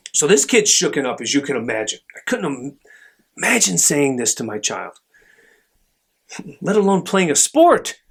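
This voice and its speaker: A middle-aged man hosting a podcast, telling a story in an earnest, animated way and acting out the voices of the people in it. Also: fairly high pitch, slightly rough. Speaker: podcast host. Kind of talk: reflective storytelling monologue.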